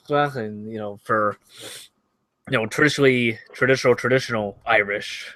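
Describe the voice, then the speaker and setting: Male co-host, has a cold, mid pitch, dry close mic. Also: normal speed, pushed and bright, no room sound. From Chicago. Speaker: podcast co-host. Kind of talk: casual chat.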